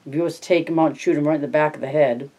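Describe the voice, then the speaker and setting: A man voicing a gruff, blunt ranch hand who talks in coarse, insistent phrases in a read-aloud story. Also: a little high, fairly even intonation, rapid-fire, a little mellow, rough recording.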